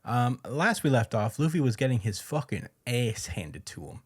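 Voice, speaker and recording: A man's voice: mid-range voice, expressive, normal speed. A man hosting a podcast, casually recapping a manga chapter in a loose, profane way and chuckling as he goes. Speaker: podcast host.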